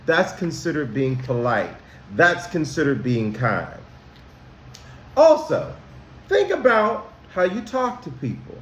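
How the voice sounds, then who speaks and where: A man, a school counselor talking to students about manners, slow and emphatic, asking them questions. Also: fairly high pitch, huge pitch swings, a little hiss or hum. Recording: roomy echo.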